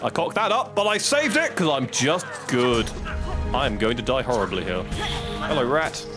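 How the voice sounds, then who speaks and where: An excitable English man chats through his gameplay, his voice swinging widely between low mutters and high yelps. He swears freely when things go wrong. Game music plays clearly behind him. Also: moderate pace. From England. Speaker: streamer. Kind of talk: casual gameplay commentary.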